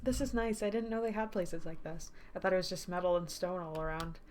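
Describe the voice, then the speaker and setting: Woman reading as a shy gentle young man. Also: fairly low pitch, steady tone, fairly quick, slight background noise, natural voice.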